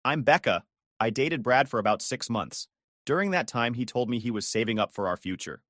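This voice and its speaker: A man's voice: medium pitch, animated, a little fast, a bit bright, no room sound, clean studio sound, close to an everyday voice. A man voicing a young woman who speaks sweetly with fake sympathy. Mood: mock-sweet. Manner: sugary, mock-sympathetic.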